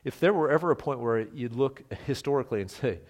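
A man's voice: mid-range voice, quick pace, a little mellow. Guy pastor doing a bible study sermon, chatty but emphatic, acts out the quotes a bit. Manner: conversational, emphatic, voices quoted speakers dramatically. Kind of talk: expository Bible teaching.

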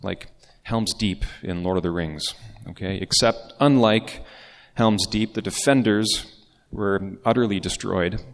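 A man preaches a sermon in a calm, unhurried, conversational way, with a voice that sits a little low. His words ring out in a hall with a long reverb. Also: creaky. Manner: conversational preaching with pop-culture asides. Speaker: pastor.

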